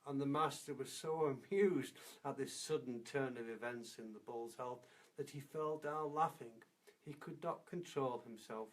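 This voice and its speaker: A man telling a folk fable aloud, unhurried and expressive, dropping soft at times. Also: mid-range voice. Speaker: storyteller. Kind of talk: oral storytelling of a fable.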